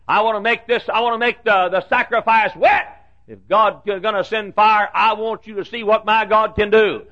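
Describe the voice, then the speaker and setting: A man's voice: high voice, fairly even intonation, normal speed, natural voice. A man voicing a bold, swaggering male prophet who talks in a cocky, mocking, folksy way, on a dull lo-fi recording. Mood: commanding.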